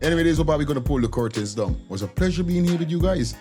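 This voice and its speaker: A man's voice: a little high, lively intonation, rapid-fire. Emphatic man hosting a commentary channel. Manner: emphatic, repeats "definitely" and "you understand". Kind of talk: casual news commentary to viewers. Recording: music playing loudly underneath. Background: background music.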